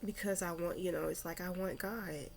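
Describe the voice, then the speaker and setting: A young adult woman vlogging candidly about her spiritual struggles, talking in a slow, meandering way with many fillers and restarts, and audibly emotional. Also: lowish voice, steady tone, vocal fry, slight background noise. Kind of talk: candid personal reflection.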